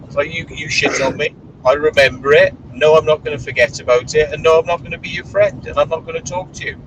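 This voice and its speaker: A man in a moving car talks bluntly and swears freely as he tells stories. He sits well back from the microphone. Clear road noise runs under his voice. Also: fairly high pitch, fast talker. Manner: blunt, swearing, animated storytelling. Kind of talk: casual chat while driving. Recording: distant voice with clear background noise.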